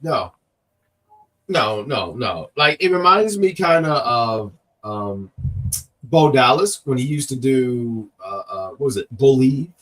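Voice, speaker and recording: A man's voice: medium pitch, expressive, slow pace, a bit bright, recorded from a distance. A man with a cough co-hosts a casual live stream. He rambles and teases viewers in the chat. His voice sits a little back from the microphone. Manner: rambling, joking, reads chat comments aloud. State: working with a cough. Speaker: co-host of a wrestling review show.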